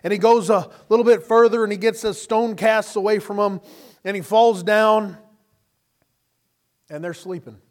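A man preaching a sermon, telling Bible stories with animated delivery and acting out the characters. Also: high-pitched, moderate pace, long pauses. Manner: animated storytelling, acting out scenes in character voices.

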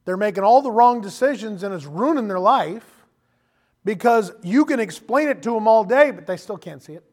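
A man preaching a sermon in a conversational, animated way, acting out quotes as he goes. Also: sits high, moderate pace.

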